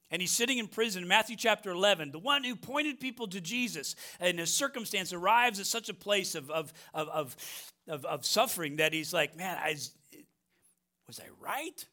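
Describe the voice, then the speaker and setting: A man's voice: sits high, sharp tone. A middle-aged American man preaching a sermon, emphatic, repeating phrases and asking "right?" often. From United States. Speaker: pastor.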